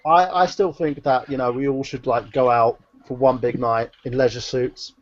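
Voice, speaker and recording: A man's voice: mid-range voice, steady tone, normal speed. A man, teasing and wisecracking in a casual live-stream group chat. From London. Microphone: online voice chat. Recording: muffled lo-fi voice chat.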